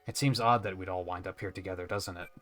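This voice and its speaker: A man's voice: deep voice, fairly even intonation, quick pace, fairly bright tone. A man reading aloud the lines of a weary exiled clan survivor in a video game, in a plain, thoughtful tone. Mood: reflective.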